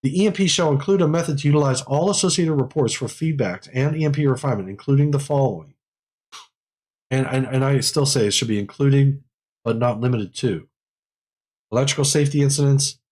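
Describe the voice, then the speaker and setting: A man's voice: mid-range voice, lively intonation, normal speed, long pauses, a little mellow. A man hosting a live technical webinar in a casual way. He rambles, repeats phrases and laughs often. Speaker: livestream host.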